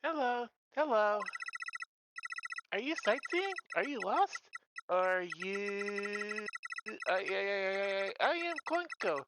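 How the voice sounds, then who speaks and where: A man putting on a high chirpy robot guide. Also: sing-song, slow pace, noisy background, heavily acted. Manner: repetitive, stuttering questions.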